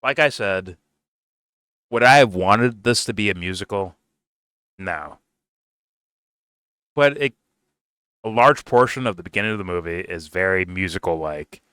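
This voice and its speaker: Bright, crisp-voiced man ranting casually. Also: low-pitched, expressive, measured pace, long pauses, no room sound, studio quality. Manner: rambling, profane, laughs often, lots of fillers. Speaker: movie reviewer. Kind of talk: casual spoken film review.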